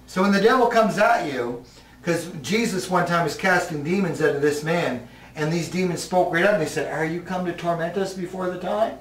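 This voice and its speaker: A man delivers a sermon in a fairly high voice, talking to his congregation like friends and pausing for their answers. The sound is roomy and echoing, picked up from far off in the hall. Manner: conversational, asks the congregation questions. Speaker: preacher.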